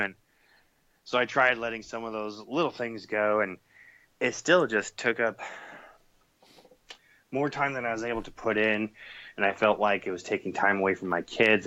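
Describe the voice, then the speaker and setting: A man's voice: lowish voice, pushed and bright, no room sound. A man talking as a podcast guest in casual chat, chatty and laughing, with many fillers. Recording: dull lo-fi sound.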